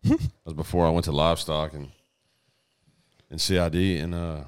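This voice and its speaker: Deep-voiced, low-key man. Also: fairly even intonation, normal speed, smooth. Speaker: police officer. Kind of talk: casual storytelling among friends.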